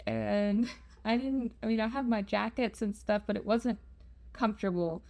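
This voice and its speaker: A woman's voice: mid-range voice, measured pace, vocal fry, pauses often, darkish tone. A young woman telling a travel story in a chatty, self-deprecating vlog. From United States. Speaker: travel vlogger.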